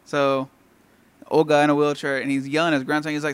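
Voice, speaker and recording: A man's voice: a little high, level tone, quick pace, clear, resonant tone, dry recording. A young man in casual chat, telling crude stories with lots of swearing and laughter.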